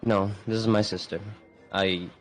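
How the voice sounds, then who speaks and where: A protective lion-folk big brother from a tabletop game, played by a man in his own low voice. He talks warmly and plainly, coaxing rather than commanding. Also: fairly even intonation, measured pace, soft background music, natural voice.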